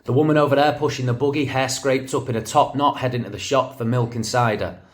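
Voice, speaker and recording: A man's voice: medium pitch, fairly even intonation, fast talker, pitched above the performer's own voice, close to an everyday voice. A man with a Manchester accent reading a verse novel aloud as its streetwise ten-year-old narrator, speaking straight to the listener. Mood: vivid. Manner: vivid, direct, addressing the listener. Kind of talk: poetry reading in first person.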